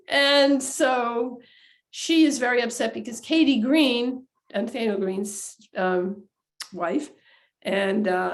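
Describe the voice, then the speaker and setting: A woman author giving a book talk, telling a historical story in a chatty, animated way with many fillers and restarts. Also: fairly high pitch. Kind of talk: informal storytelling lecture. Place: lecture hall.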